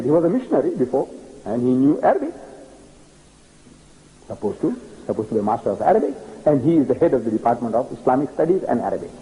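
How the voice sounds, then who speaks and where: An older man, giving an animated public religious lecture and telling stories with acted-out dialogue. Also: mid-range voice, poor audio. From South Africa. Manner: animated storytelling, acting out dialogue. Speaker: preacher.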